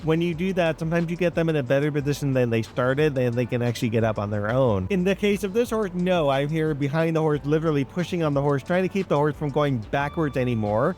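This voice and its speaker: Male gaming host, casual, rambling storyteller, slightly high pitch, talks straight to viewers. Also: animated, quick pace, hardly any pauses, a little mellow. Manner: rambling, chatty, addresses viewers directly. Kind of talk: casual gameplay chat and storytelling.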